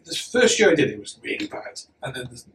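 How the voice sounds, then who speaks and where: A man's voice: medium pitch, very animated, fast talker, creaky, a bit bright. A man from West Wales, chatting freely as a podcast guest and telling stories. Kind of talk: casual chat. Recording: slightly distant mic, faint room noise.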